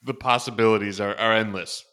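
A man co-hosting a casual sports podcast, thinking aloud in halting, restarting sentences. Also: on the low side, steady tone, bright, forceful tone. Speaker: podcast co-host.

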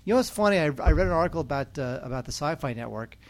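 A man hosting a podcast, chatting casually and quickly about new movie releases. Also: on the high side, lively intonation. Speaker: podcast host. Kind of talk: casual chat reviewing movies.

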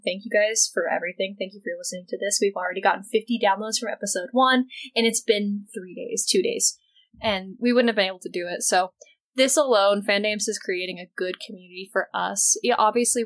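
A woman co-hosting a casual fan podcast, loud, teasing and excitable. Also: mid-range voice, no room sound. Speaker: podcast co-host. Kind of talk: casual chat.

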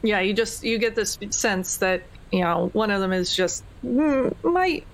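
A woman serves as game master for a tabletop vampire game, describing scenes in a relaxed, easygoing way. Her voice sits in a plain middle register. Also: medium pitch, unhurried, rough recording.

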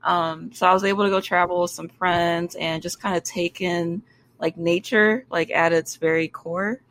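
A woman's voice: on the low side, steady tone, moderate pace, a bit bright, slight background noise. A woman who works as a doctor, co-hosting a podcast and talking earnestly about making time for herself. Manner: reflective, earnest advice. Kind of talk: casual chat.

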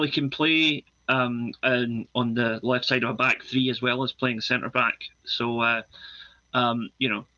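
Bright-voiced man talking football on a podcast. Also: mid-range voice, no echo, highs cut off. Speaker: podcast co-host, football pundit. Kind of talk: casual podcast chat.

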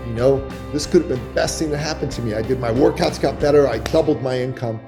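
A man in his forties, a podcast guest, telling stories in a loose, animated way with lots of swearing. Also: mid-range voice, fast, vocal fry, music in the background. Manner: profane, animated storytelling. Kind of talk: casual podcast storytelling.

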